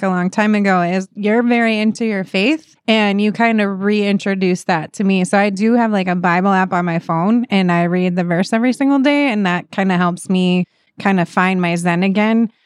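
A woman's voice: mid-range voice, normal speed, clear, resonant tone, dry recording, studio quality. Upbeat woman, casual guest chat. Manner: upbeat and conversational. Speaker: podcast guest.

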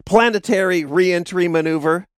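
This podcast co-host speaks at a moderate pace in a clear, resonant tone, recorded dry at studio quality. Spinning a wild yarn in a relaxed way, he breaks into laughter, voices the characters with abrupt high-pitched yelps, and doesn't hold back on profanity.

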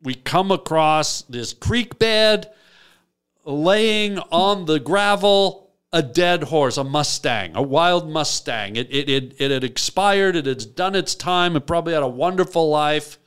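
A man hosting a comic call-in show, telling absurd stories in a deadpan rambling way. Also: on the high side, unhurried, clear, resonant tone. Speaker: radio call-in host. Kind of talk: comic radio storytelling.

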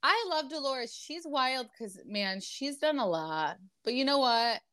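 A young woman speaks unhurriedly in a high, animated, smooth and slightly bright voice. As a podcast co-host she casually recaps events, meandering with frequent fillers and restarts.

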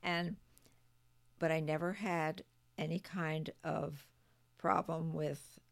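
An older woman, a grandmother and podcast guest, talking gently and graciously in a home basement. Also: low-pitched, steady tone, takes it slowly, vocal fry, dry recording. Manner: gentle, gracious, often thanking. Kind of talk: casual conversation.

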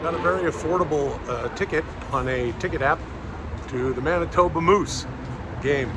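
A man's voice: a little high, normal speed, over loud music. A man from Canada co-hosting a comedy podcast, joking and swearing through a vlog recap. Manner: jokey, swears a lot, drawls signs in a put-on Canadian accent. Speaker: podcast co-host. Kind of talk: casual comedic chat and vlog commentary.

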